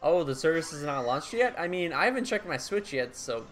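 This American man's fairly high voice swings widely in pitch and runs a little fast, with a slightly bright tone and faint music behind it. He's casually chatting on a live game stream, answering viewer messages in an easygoing way and laughing readily.

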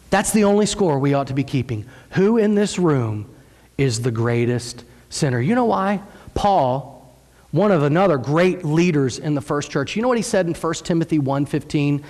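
Animated high-voiced male preacher in a hall. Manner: animated storytelling, acting out quoted voices with rising pitch. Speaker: pastor. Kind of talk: sermon. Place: church sanctuary.

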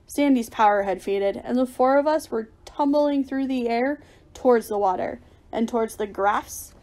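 A woman reading a children's adventure chapter aloud as storybook narration, lively and raising her voice for the shouted lines. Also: on the high side, normal speed. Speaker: audiobook reader.

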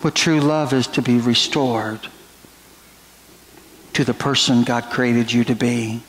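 A man's voice: mid-range voice, steady tone, slow, low-quality recording. A middle-aged man preaching a sermon as pastor in a church, earnest and drawn out. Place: church sanctuary.

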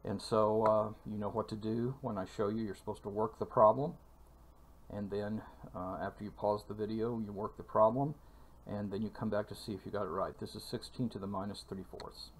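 A man teaching a calculus lecture for video, speaking in a measured way with frequent fillers and pauses. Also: fairly low pitch, steady tone. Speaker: math lecturer.

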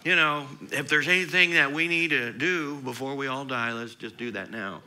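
A man's voice: mid-range voice, normal speed, sharp tone. A man voicing a frightened male disciple in a sinking boat who rambles, resigned to doom. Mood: sheepish resignation. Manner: rambling, nervous chuckling asides.

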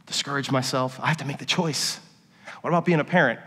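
A middle-aged man, a worship pastor, preaching a sermon and telling personal stories, dropping to quiet confession and rising to emphatic points. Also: medium pitch, quick pace, husky. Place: church sanctuary. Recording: long reverb of a church hall.

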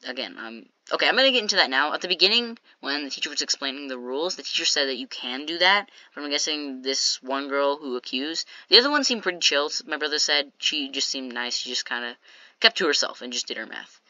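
A woman's voice: deep voice, lively intonation, fast, sharp tone, dry recording, dull audio. A woman casually telling a storytime vlog, chatty and jokey, acting out what people said. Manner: chatty, jokey asides, acts out quoted lines. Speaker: storytime vlogger.

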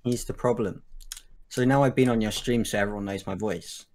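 A young man on a voice call, speaking low-key and dry. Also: steady tone, brisk. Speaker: guest. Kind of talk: casual chat on voice call.

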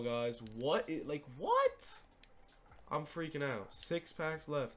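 A young man giving gaming commentary as he opens card packs, swinging between hyped shouts and deflated mumbling. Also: fairly high pitch, huge pitch swings, slow pace, background noise. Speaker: gaming YouTuber. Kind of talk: pack-opening commentary.

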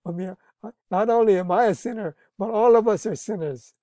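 A man's voice: high voice, moderate pace, dark tone, no echo. A man teaching a Bible study, explaining earnestly, often restarting his sentences and stressing key words.

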